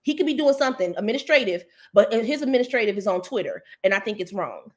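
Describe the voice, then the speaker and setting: Animated woman telling a story. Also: fast talker. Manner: animated storytelling, jumps higher when quoting others; indignant, mocking. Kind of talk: casual talk-show chat.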